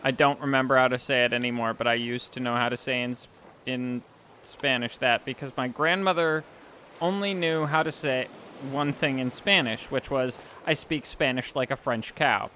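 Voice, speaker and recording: A man's voice: medium pitch, moderate pace, sharp tone, slight background noise. A man chatting casually while streaming a game, rambling and self-deprecating, with frequent chuckles. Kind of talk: casual gaming chat.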